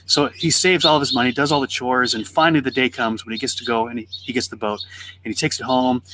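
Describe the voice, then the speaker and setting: A man on a faith podcast, telling a parable and acting out its voices with lively swings in his delivery. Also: medium pitch. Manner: animated storyteller, acts out the voices in his story. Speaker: podcast co-host. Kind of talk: faith podcast conversation, storytelling.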